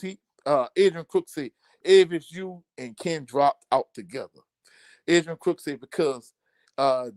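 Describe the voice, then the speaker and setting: A man hosts a relaxed sports live stream, reading out viewer comments and chuckling often. His voice sits a little high for a man. The sound is close and dry, with no room around it. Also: no echo. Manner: laid-back, laughs often, many fillers. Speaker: sports show host.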